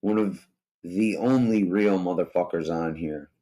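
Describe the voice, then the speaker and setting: Hoarse guy on a livestream, low pitched, talks slow, rambly and cussing. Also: mellow, rough recording. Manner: profane, rambling and laid-back. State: hoarse, strained voice. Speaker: live streamer. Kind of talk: casual livestream chat.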